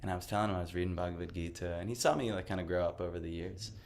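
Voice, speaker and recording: A man's voice: sits low, fairly even intonation, racing, darkish tone. A man giving a casual personal testimony talk, rambling with lots of fillers and a self-amused tone. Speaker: devotional speaker.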